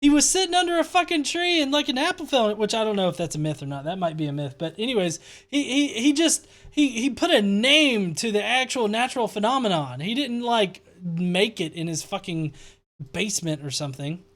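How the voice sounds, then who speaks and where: Animated and fairly quick, this live-stream host has a high, fairly bright voice. He reads out viewers' comments, ridicules them sarcastically, laughs, and swears nonstop.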